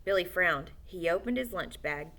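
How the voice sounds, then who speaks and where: A woman reading a children's novel aloud, animated, with small slips and self-corrections. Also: on the low side, moderate pace. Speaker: audiobook reader.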